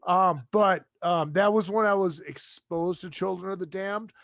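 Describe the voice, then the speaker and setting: A man co-hosting a podcast in casual chat, animated and swearing freely. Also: high-pitched, measured pace, creaky, no room sound. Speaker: podcast co-host.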